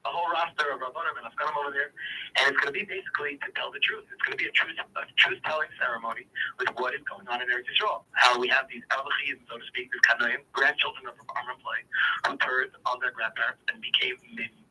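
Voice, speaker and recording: A man speaking as a guest on a phone-in talk show, rushing through his account with many restarts and asides. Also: medium pitch, steady tone, pushed and bright, slight background noise, rough recording.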